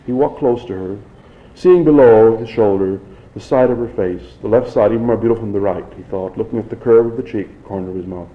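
Low-voiced man reading a novel aloud. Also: fairly quick, echoey room, narrow, tinny audio. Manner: unpolished reading with restarts. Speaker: reader.

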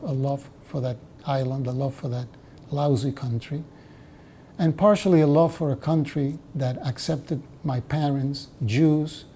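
A man's voice: mid-range voice, mellow, a little hiss or hum. A man in his sixties with a Cuban Spanish accent, Spanish being his native language, telling his life story in an interview with wry humor and repeated phrases for emphasis. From Cuba.

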